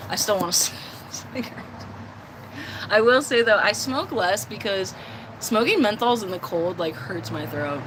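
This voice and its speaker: A woman's voice: medium pitch, noisy background. An American woman chatting casually on a live stream from an outdoor cat enclosure, laughing easily and talking to her viewers. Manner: chatty, laughs often, baby-talks to her cats.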